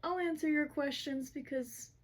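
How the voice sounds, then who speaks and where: A woman's voice: high voice, steady tone, normal speed, voice pushed up, natural voice. A woman voicing a vengeful male demon prince in a casual retelling. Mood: threatening. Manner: casual retelling of a villain's speech.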